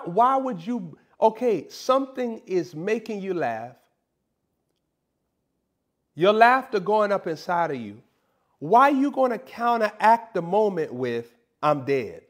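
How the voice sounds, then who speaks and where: A man's voice: sits high, lively intonation, slow. A man preaching a sermon in a comedic, playful way, teasing and mock-scolding his listeners.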